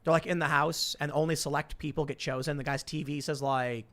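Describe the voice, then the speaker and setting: A man hosting a live talk show, reading viewer messages aloud in quick, casual chat. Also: fairly high pitch, fairly even intonation, fairly bright tone. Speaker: show host.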